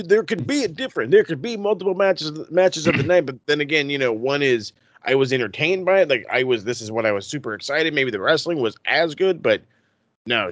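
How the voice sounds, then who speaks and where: A man's voice: on the high side, no echo. A man co-hosting a podcast, chatting casually with lots of swearing and restarts. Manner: profane, animated, lots of restarts. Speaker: podcast co-host. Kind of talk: casual chat.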